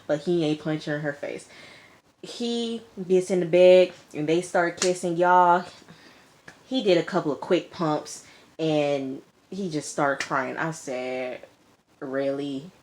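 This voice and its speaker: A woman with a slightly low voice gives a casual episode recap. She is chatty and animated, calls her viewers y'all and girl, and slips into the characters' lines as she goes. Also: takes it slowly, a little hiss or hum. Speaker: TV episode reviewer.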